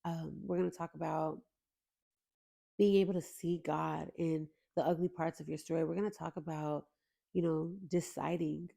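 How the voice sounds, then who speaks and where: A young woman hosts her own faith podcast and speaks to her listeners in an earnest, openly emotional way. Her voice sits a little low, with a warm, mellow tone and a gravelly edge. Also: little pitch movement, moderate pace. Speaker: podcast host. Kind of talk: heartfelt faith podcast intro.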